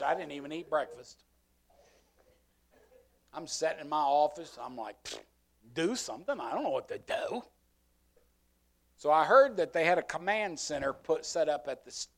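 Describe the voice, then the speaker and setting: A middle-aged pastor tells a story from the pulpit, slightly high-voiced for a man. He acts out the back-and-forth of conversations, his voice climbing as the tale builds. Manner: animated storyteller, acting out both sides of conversations. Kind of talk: sermon storytelling.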